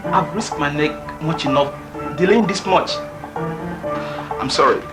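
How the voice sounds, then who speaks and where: A man's voice: on the high side, measured pace, loud music behind the voice, natural voice. An actor playing a firm, impatient man who holds a visa spot for a friend's son in a film drama. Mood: stern. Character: stern man arranging a visa, losing patience. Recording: film audio with loud score.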